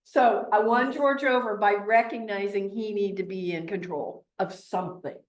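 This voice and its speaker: Woman, Midwestern US accent, chatty class instructor with animated storytelling, mid pitch, echoey room. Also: normal speed. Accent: Midwestern American. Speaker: real estate trainer. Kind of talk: class teaching with stories. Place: training classroom.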